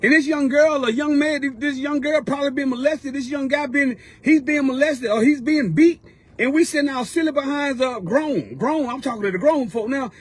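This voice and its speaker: A man's voice: very high voice, fairly quick, no echo. A man giving a fervent, preaching-style motivational talk as a mentor, repeating his points in a colloquial way. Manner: fervent, repetitive, colloquial exhortation.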